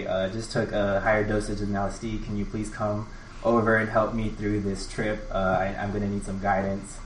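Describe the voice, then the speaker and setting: A man tells a personal story at a live event in an earnest, halting way, often restarting mid-phrase. His voice sits a little low. It is picked up from a distance in a reverberant room with faint ambient noise. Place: live event space with an audience.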